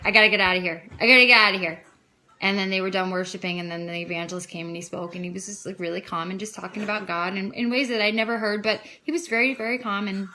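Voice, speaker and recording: A woman casually telling a personal faith testimony at home, growing loud and excited at the big moments. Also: mid-range voice, a little hiss or hum. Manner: emotional, gets loud and excited at key moments. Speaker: vlogger sharing her faith testimony.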